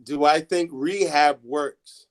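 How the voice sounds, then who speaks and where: Male school counselor type, slightly high voice, halting classroom talk full of restarts. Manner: halting, many restarts and fillers. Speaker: student assistance coordinator.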